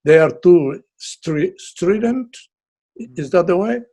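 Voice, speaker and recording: Older man, Uruguayan accent, Spanish speaker, halting casual chat, slightly raised pitch. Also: animated, dark tone. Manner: halting, repeats words while searching for English. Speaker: guest artist.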